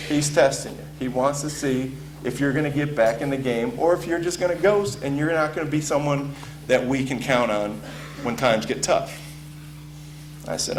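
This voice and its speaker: A former college football player telling a casual story with lots of ums and uhs. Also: male voice, mid-range voice, normal speed. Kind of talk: spoken anecdote to an audience. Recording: echoey room with faint hum.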